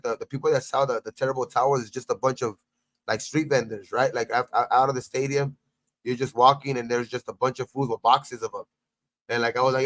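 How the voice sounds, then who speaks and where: A man hosting a sports podcast, spinning loose, swear-filled stories about game days with plenty of false starts. His voice sits in a middle pitch. The sound is dry and close to the mic. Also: a bit bright, dry recording. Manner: loose, profane storytelling with lots of restarts. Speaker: podcast host. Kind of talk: casual sports chat.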